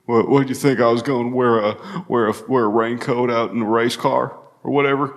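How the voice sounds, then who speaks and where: A man's voice: medium pitch, steady tone, fairly quick, natural voice. A man doing a crude wisecracking politician. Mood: cheeky. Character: randy ex-president, crude and jokey.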